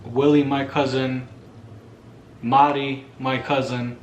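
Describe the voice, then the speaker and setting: Young man co-host, mid pitch, echoey room with faint hiss. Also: level tone, slow pace. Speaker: fiancé co-host. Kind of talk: casual couple Q&A chat.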